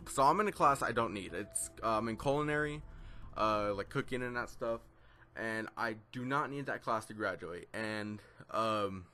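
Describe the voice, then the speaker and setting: A man's voice: fairly low pitch, moderate pace, pushed and bright, soft background music. A teenage boy telling a rambling story in casual chat over gameplay, full of fillers and self-deprecation. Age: teens. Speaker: gaming vlogger.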